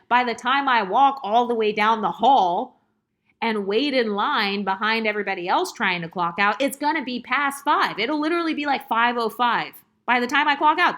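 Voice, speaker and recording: In a casual storytime, a woman vlogger with a fairly high, slightly bright voice sounds exasperated and sarcastic. She fires off rhetorical questions in salty, profane language.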